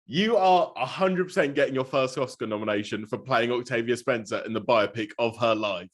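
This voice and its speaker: A man's voice: mid-range voice, a little fast. A man interviewing a guest in a casual chat, playful and joking.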